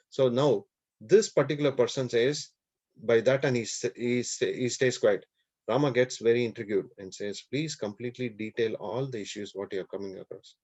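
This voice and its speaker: A man's voice: medium pitch, darkish tone. A man telling a scripture story in a conversational sermon, asking rhetorical questions. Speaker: preacher. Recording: dull lo-fi recording.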